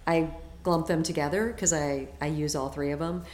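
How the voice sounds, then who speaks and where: A woman's voice: low voice, fairly even intonation, normal speed, a little mellow, reverberant. A woman guest on a podcast, a health coach talking in a chatty, enthusiastic way with lots of fillers. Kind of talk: casual interview chat.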